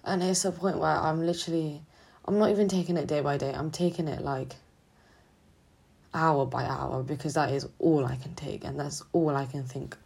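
Young woman with a very low, gravelly voice. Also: fairly even intonation, a little mellow. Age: young adult. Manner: halting, hesitant, full of restarts. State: drained and low on energy. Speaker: student vlogger. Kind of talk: confessional vlog monologue.

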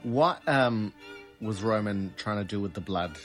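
A man hosting a podcast, asking follow-up questions and chiming in with quick agreement. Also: on the low side, a bit bright, soft background music. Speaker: podcast host. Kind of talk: casual interview.

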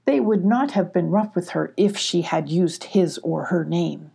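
A calm, gentle male dog, as a woman reading a storybook voices him. He speaks slowly and soothingly in a gravelly, husky tone. His voice stays mellow and soft-edged throughout. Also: lowish voice, heavily acted. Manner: slow, soothing.

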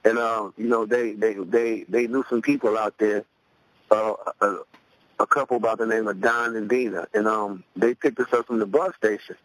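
A middle-aged man from Cleveland, a rapper guest, telling a story casually, often repeating words as he restarts, and lifting his pitch to act out quoted voices. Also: fairly even intonation, normal speed, fairly bright tone, no echo, poor audio. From Cleveland, USA. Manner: loose, repeats words while restarting sentences.

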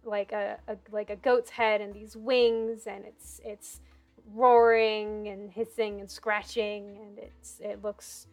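Woman, game master, unhurried, filler-heavy narration, faint music. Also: medium pitch, level tone.

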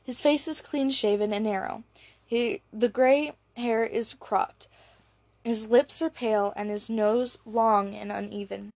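A woman reads an audiobook in a steady, even voice. Her pitch sits fairly high, and the recording is close and dry with no room sound. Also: unhurried, creaky, dry recording. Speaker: audiobook narrator. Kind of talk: scripted narration.

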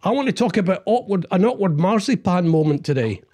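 A man telling rambling deadpan comic stories in a casual chat. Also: high voice, a little fast.

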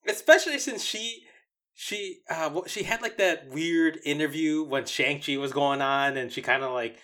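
A man co-hosting a casual podcast chat, animated and full of stumbling restarts. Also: on the high side, normal speed. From United States. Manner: animated, stumbling restarts, mocking quoted voices. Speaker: podcast co-host.

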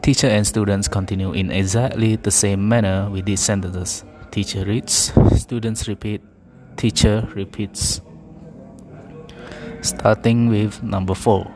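Slow, careful man reading drill words. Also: on the low side, flat delivery, a little mellow, soft background music. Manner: careful, deliberate word-by-word reading. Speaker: pronunciation practice reader. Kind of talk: slow read-aloud pronunciation drill.

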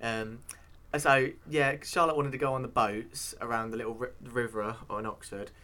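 A man's voice: medium pitch, steady tone, moderate pace, pushed and bright. A young English man in casual podcast banter, teasing and swearing a lot. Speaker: podcast co-host.

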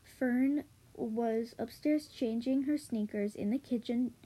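A woman reads a children's book aloud in a slow, halting way, stumbling over words. Her voice is breathy and soft-toned, a little high. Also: rough recording. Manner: hesitant reading with stumbles and fillers. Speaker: reader.

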